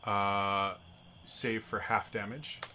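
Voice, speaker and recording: A man narrating as game master of a tabletop game, casual and relaxed, with frequent fillers. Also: lowish voice, slow, a little hiss or hum.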